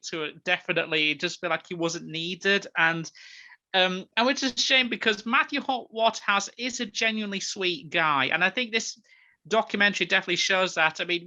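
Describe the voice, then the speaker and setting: A man's voice: sits high, pushed and bright. A man co-hosting a podcast, chatting casually and rambling with plenty of ums and restarts. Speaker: podcast co-host. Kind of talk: casual review chat. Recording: dull lo-fi mic.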